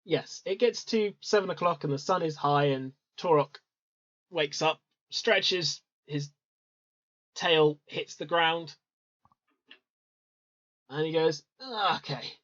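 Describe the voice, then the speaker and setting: A game master narrating a tabletop game in an easygoing way, with many pauses and ums. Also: medium pitch, a bit bright. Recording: dull lo-fi recording.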